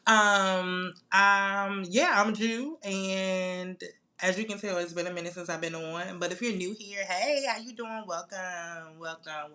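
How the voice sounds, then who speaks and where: A young woman hosting her own podcast in a casual solo chat, playful, animated and full of slang. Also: medium pitch. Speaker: podcast host.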